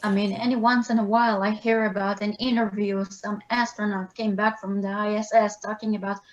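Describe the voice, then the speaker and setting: A woman in the audience asking a question over a video call, hesitant at first and then quick. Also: medium pitch, level tone. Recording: dull video-call audio.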